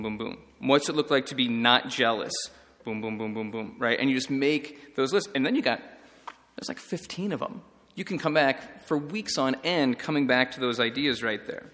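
In a large hall, a priest with a fairly high voice gives a conversational, animated teaching on reading scripture, often tagging his points with "right?".

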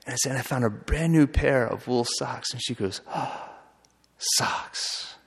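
A man who is a friar, telling a story in an earnest, halting way with frequent restarts. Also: mid-range voice, gravelly, slightly rough. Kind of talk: storytelling talk. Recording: long hall reverb.

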